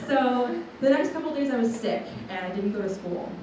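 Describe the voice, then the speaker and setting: A woman in her twenties giving a personal testimony to a live audience, telling it in a lively way and acting out what people said. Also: fairly high pitch, normal speed, noisy background. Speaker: guest speaker. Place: large room with a live audience. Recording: echoey hall, voice from far off.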